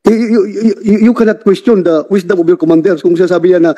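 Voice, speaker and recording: A man chairs a hearing and grills a witness in a stern, pressing manner. He talks quickly, and his voice runs higher than most men's as he lectures and demands answers. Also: dark tone. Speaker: committee chair questioning witnesses. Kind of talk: hearing interrogation. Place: hearing room.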